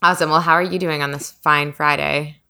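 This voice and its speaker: Chatty woman podcast host, lower voice. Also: steady tone, a little fast, pushed and bright. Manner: chatty, full of "like" fillers. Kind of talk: casual chat.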